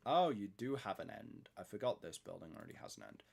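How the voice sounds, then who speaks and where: Male streamer, lowish voice, rambling thinking-aloud commentary. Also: sing-song, fast talker, creaky, husky. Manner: rambling, talks to himself while working. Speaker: streamer building in a game.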